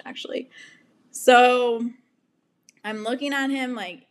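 Young woman telling her dating story, kinda high voice, slow and drawn out, swears a lot, laughs a bunch. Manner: frank and profane, laughing often, with animated quoted asides. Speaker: podcast host. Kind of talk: candid storytelling monologue.

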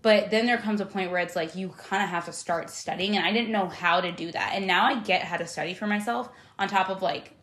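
A young woman co-hosting a podcast in casual chat, animated and swearing freely. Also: mid-range voice, brisk, few pauses, roomy sound. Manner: animated, swears freely, acts out playful voices. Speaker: podcast co-host.

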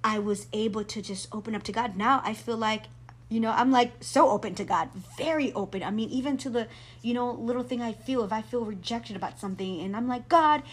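A woman guest telling her faith testimony in an earnest, animated way. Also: a little high, brisk, breathy edge.

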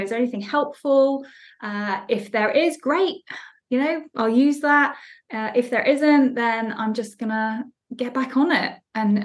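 A woman co-hosting a podcast who speaks reflectively and asks questions at length in casual conversation. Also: a little high. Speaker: podcast co-host. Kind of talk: casual chat.

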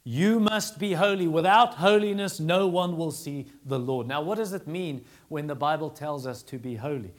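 Male preacher; emphatic sermon delivery, voice a touch high. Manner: emphatic, repeats phrases for stress.

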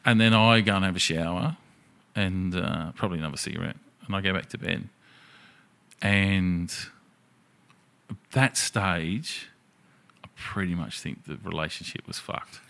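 A bright, forceful man's voice pitched a little low. He tells a rowdy story in casual chat, swearing often and acting out the other people in it. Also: measured pace, gravelly, long pauses. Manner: profane, animated storyteller.

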